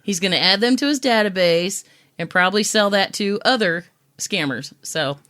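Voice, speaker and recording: A woman co-hosting a podcast in casual chat, telling stories in an animated, indignant way. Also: mid-range voice, normal speed. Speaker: podcast co-host.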